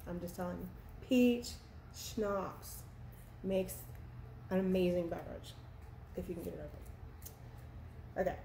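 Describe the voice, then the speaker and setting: A woman's voice: fairly low pitch, measured pace, gravelly, pauses often, noisy background. Chatty woman in an echoey room. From Texas. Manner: chatty, playful, laughs at herself. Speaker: vlogger. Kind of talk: casual cocktail how-to vlog. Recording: echoey room with faint ambience.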